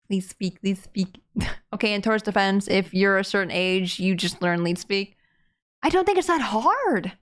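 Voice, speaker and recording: A woman streaming a game live, chatting and reading its dialogue aloud with giggles and loud excited outbursts. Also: medium pitch.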